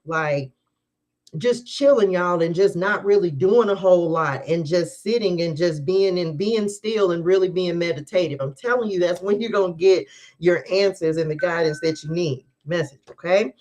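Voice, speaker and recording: Woman tarot reader hosting a live stream; casual, lively, laughing, talks to the viewers. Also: lowish voice, moderate pace. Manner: chatty, animated, laughs often, talks straight to viewers.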